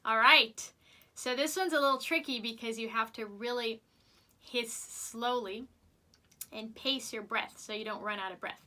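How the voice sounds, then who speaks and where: A woman teaching vocal warm-ups to kids, upbeat and patient as she shows each exercise aloud. Her voice is very bright and sits a little high. She talks slowly, giving every instruction time to land. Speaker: music teacher.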